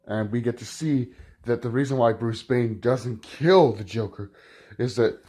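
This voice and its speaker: Casual male film reviewer, loose and rambling, mid-pitched voice, lots of filler words and restarts. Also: measured pace, dark tone.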